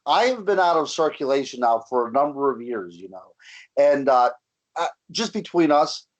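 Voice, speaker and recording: A man's voice: mid-range voice, sing-song, moderate pace, lo-fi sound. A man guesting on a radio show over a video call, joking and self-deprecating. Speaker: guest researcher. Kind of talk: casual interview chat.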